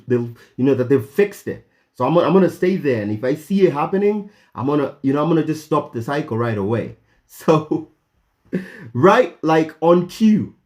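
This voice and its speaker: Narrating for his vlog, a young Kenyan man spins an energetic tale full of fillers and false starts. When he repeats his own words, his voice shoots up high.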